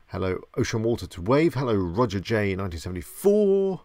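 Gravelly-voiced man hosting a stream. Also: lowish voice, very animated, fairly quick, hardly any pauses, darkish tone, dry recording. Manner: chatty, greets viewers by name, self-deprecating. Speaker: live stream host. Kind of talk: casual live stream chat.

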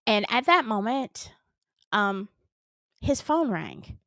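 A woman's voice: fairly high pitch, very animated, slow, sharp tone, dry recording. A middle-aged woman with a Southern US accent, earnestly and dramatically retelling a personal story on her vlog. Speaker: storytime vlogger.

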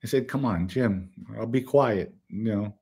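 A man's voice: on the low side, measured pace, darkish tone, husky. A man from the Bronx, casually telling blunt, profane stories on a podcast and laughing at his own jokes. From the Bronx, New York. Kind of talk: casual storytelling chat.

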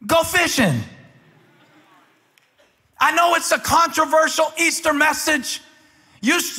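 A man preaching a sermon as pastor, building from quiet talk to impassioned shouting. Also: very high-pitched. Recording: large hall with long reverb.

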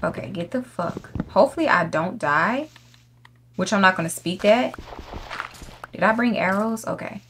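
A woman's voice: medium pitch, lively intonation, normal speed, long pauses, a bit bright, slight background noise. A young woman giving casual gameplay commentary, brash and profane, scolding the animals in her game. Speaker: gaming YouTuber.

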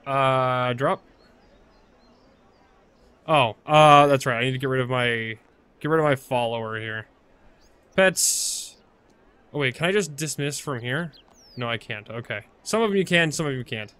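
A man's voice: medium pitch, fairly bright tone, smooth. A man casually commenting on his own gameplay, rambling, chatty and full of fillers as he corrects himself. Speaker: video game let's-play host.

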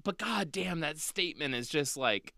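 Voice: medium pitch, lively intonation, moderate pace, sharp tone. A podcast host in casual conversation who swears freely and laughs often.

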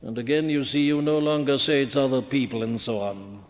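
A man's voice: mid-range voice, fairly even intonation, a little fast, phone-quality sound. A man preaching a sermon with earnest rhetorical questions, building to fervent emphasis, recorded on an old archival tape. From Wales. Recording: old archival tape, phone-thin sound, long hall reverb.

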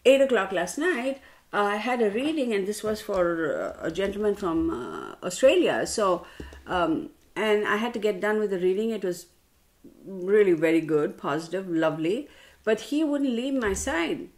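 A woman's voice: medium pitch, lively intonation, moderate pace, darkish tone. A woman tarot reader telling a rambling story straight to her viewers, calling them y'all.

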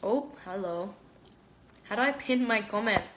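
This young Australian woman is a fighter streaming live, chatting casually into her phone camera in her kitchen. She rambles, giggles and leans on "like," speaking a little slowly at medium pitch, with roomy kitchen echo and background noise.

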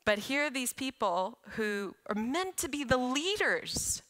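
A woman delivers a sermon from a church platform, talking with the congregation in a casual, animated way. Her voice is bright and forward. She sounds like a young adult and drops in offhand remarks between readings. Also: sits high, measured pace. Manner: conversational, animated preaching with casual asides. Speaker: guest speaker. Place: church sanctuary.

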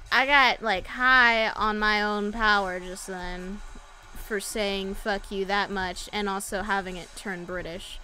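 A woman's voice: medium pitch, fairly even intonation, a little slow, pushed and bright, faint music behind. A woman hosting a let's play, chatting playfully with viewers and swearing freely as she plays. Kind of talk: casual gameplay commentary.

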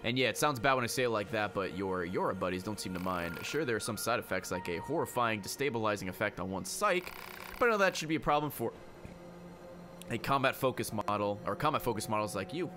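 A man's voice: on the low side, animated, fast talker, background noise, lightly acted. A breezy android drug peddler, as a man reads him out. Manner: breezy salesman patter. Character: pushy cheerful male android drug peddler.

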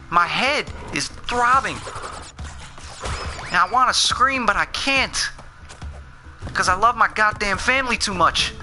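A man's voice: sits high, animated, unhurried, long pauses, bright, forceful tone, soft background music. A young man streaming gameplay live, ranting and swearing in tired frustration. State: frustrated and worn out.

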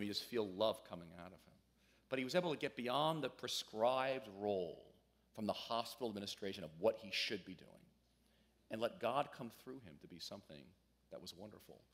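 Storytelling male pastor mid-sermon. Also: on the low side. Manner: storytelling, conversational with sudden loud emphasis.

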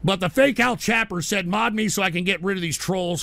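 A man hosting a live stream show, exasperated and profane, ranting and breaking into shouting outbursts. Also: high voice, a little fast, vocal fry. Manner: profane and comedic. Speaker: livestream show host.

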